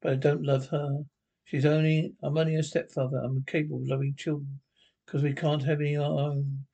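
A man's voice: fairly high pitch, level tone, fairly quick, creaky, dark tone, slightly rough, muffled recording. An actor playing a jealous, short-tempered stepfather in a 1960s television drama, talking with sarcastic bite. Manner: sarcastic and cutting.

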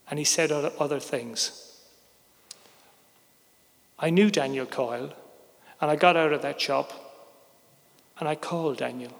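A man's voice: a little high, a little slow, long pauses, fairly bright tone. A middle-aged man, a journalist, telling a personal story on stage in a candid, wry, conversational way. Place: theater stage before an audience. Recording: reverberant live hall.

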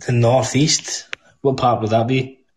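A man's voice: medium pitch, level tone, a little slow, a little hiss or hum, low-quality recording. A Scottish man hosting a casual podcast call, blunt and teasing, swearing freely.

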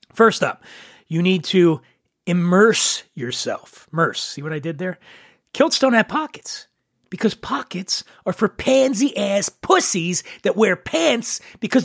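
Male podcast host, crude mock-macho comic bits, gravelly, bouncing pitch, dry close mic. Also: a bit bright, no room sound. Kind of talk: comedic monologue.

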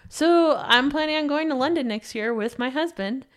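A young adult woman co-hosting a book club podcast, chatting casually with relaxed, dry, brief replies. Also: high-pitched, normal speed. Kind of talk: casual chat.

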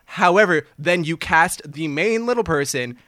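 High, bright man rambling with fillers. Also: animated, normal speed, dry recording, clean studio sound. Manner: rambling, many fillers, laughs often. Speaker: first-time podcast guest. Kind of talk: casual chat.

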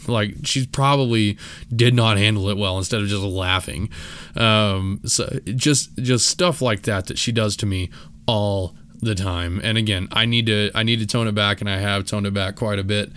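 Rambling, low-voiced man podcasting solo. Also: fairly even intonation, normal speed, fairly bright tone, smooth, dry recording. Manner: rambling, self-deprecating, many fillers and restarts. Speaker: podcast host. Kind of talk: casual solo podcast talk.

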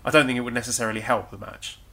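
A man with a bright, forward voice co-hosts a casual podcast. He reads listener questions and answers them conversationally, stumbling over the odd word. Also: mid-range voice, steady tone, racing. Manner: conversational, with some stammered restarts. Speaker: podcast co-host. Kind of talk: casual wrestling discussion, reading listener questions.

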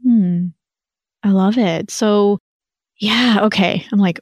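A woman's voice: mid-range voice, unhurried, darkish tone, no room sound, studio quality. A woman hosting a podcast interview, talking in an effusive, encouraging way. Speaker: podcast host. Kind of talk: conversational interview.

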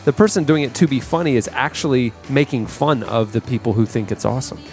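A man's voice: medium pitch, fast talker, a little mellow, soft background music. A man hosting a podcast in casual chat, teasing and arguing his points with friends. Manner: teasing, argumentative. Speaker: podcast host.

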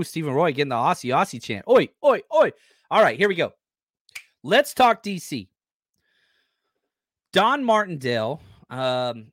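A man hosting a casual sports fan podcast, talking excitedly, swearing casually and reading out listeners' questions. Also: mid-range voice, no room sound, clean studio sound. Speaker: podcast host.

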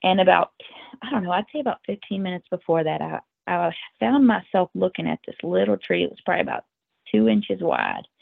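Woman podcast guest, husky and raspy, earnest storyteller, thin phone-line sound. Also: fairly low pitch, very animated, brisk, no echo. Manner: earnest, emotional, tumbling restarts. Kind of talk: animated first-person storytelling. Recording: tinny phone-like line, dry.

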